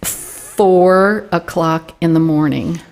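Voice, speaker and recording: Animated woman in her sixties telling a story. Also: fairly low pitch, slow pace. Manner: animated, acts out quoted dialogue. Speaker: guest, UFO group director. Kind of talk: storytelling interview.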